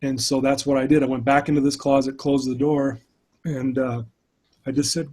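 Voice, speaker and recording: A man's voice: medium pitch, little pitch movement, moderate pace, a little mellow, breathy edge. A man recounting his own struggles in an interview, speaking earnestly and candidly as a speaker and mentor. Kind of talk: personal storytelling in an interview.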